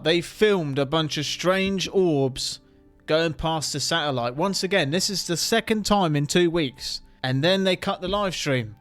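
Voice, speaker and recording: A man hosting a reaction video, talking excitedly with rhetorical questions and stumbling restarts. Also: a little high. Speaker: host reacting to viral clips.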